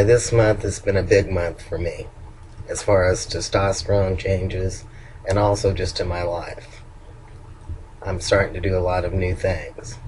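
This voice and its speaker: Low-voiced older man, chatty video diary. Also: darkish tone, a little hiss or hum, low-quality recording. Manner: chatty, candid and upbeat. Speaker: vlogger.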